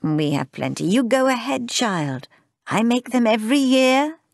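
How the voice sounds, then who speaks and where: A woman voicing a brisk, short old woman with a low, pebbly voice in an audiobook. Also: big pitch swings, vocal fry, no echo, studio quality, heavily acted. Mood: kindly. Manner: brisk, fussing, motherly.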